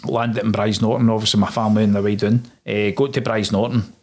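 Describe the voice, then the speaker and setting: Low-voiced Scottish man telling his story. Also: flat delivery, quick pace, a little mellow. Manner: low-key, plain-spoken, recounting events in long runs. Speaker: former soldier guest. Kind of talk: casual interview storytelling.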